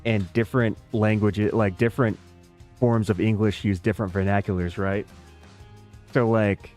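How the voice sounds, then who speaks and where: A man's voice: on the low side, a little mellow. An American man chatting casually with his live chat while playing a strategy game, rambling and self-deprecating. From United States. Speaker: game streamer.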